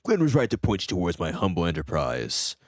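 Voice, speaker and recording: A man voicing a jovial, boastful old male shipbuilder and salesman, straining to sound gruff while reading game dialogue aloud. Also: deep voice, huge pitch swings, brisk, dry recording, clean studio sound, exaggerated voice.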